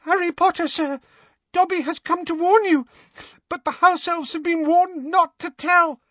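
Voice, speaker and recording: A man voicing a tiny, terrified male house elf with a high, squeaky, trembling voice. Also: steady tone, a little slow, pushed and bright, no echo, heavily acted. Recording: dull lo-fi dry recording.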